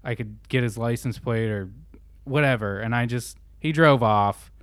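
A man's voice: mid-range voice, moderate pace, smooth, dry recording. A young adult man telling a rambling, profane story in casual chat. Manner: rambling, profane, animated retelling.

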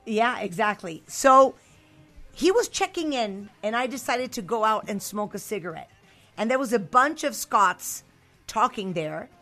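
Bright, chatty woman host. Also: fairly high pitch, expressive, unhurried, soft background music. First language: Spanish. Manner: chatty, playful storytelling. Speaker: radio host. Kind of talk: casual bilingual interview.

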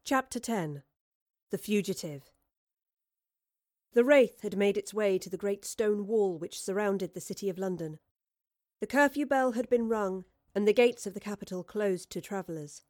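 A woman narrating an audiobook in a measured storytelling manner. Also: mid-range voice, expressive, a little mellow, no room sound, clean studio sound. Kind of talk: scripted narration.

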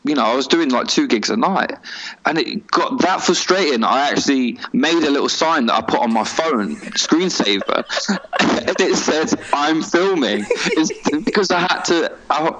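A man's voice: fairly high pitch, lively intonation, normal speed, fairly bright tone, slight background noise. A man who works as an event videographer, chatting casually and telling exasperated stories with frequent laughter. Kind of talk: casual chat. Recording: dull lo-fi call audio.

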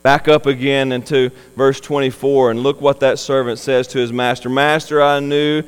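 A man's voice: mid-range voice, flat delivery, moderate pace, clear, resonant tone, big-room sound, low-quality recording. A man preaching a sermon in an earnest, pleading manner that rises to impassioned emphasis. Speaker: pastor.

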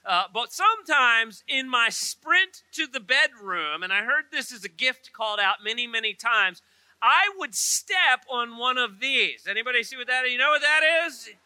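A man's voice: very high-pitched, lively intonation, normal speed, pushed and bright, no echo, rough recording. A middle-aged man, preaching a sermon in a church with humorous storytelling and chatty asides. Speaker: pastor. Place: church auditorium.

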